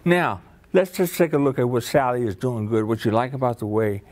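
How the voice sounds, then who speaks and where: A man's voice: mid-range voice, a little fast, a little mellow. Upbeat encouraging male workshop trainer.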